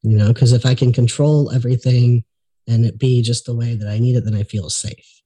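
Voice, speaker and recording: A man's voice: mid-range voice, fairly even intonation, a little fast, warm tone, dry recording. A man hosting a casual talk conversation, easygoing with hesitant fillers.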